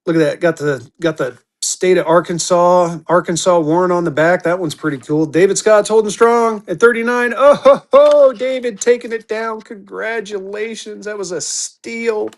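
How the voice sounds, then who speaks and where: Calling lots on a live auction stream, a fairly high-voiced man with a drawl fires off quick, hyped bursts in a steady tone. He repeats his calls again and again and spurs bidders on.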